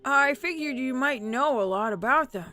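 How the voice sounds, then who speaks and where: A sly, curious teenage boy, read by a woman streamer, coaxing an answer in an easy conversational way. The voice is bright and fairly high, close to her own. Faint music sits behind. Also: animated, normal speed. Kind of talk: reading a game's lines aloud.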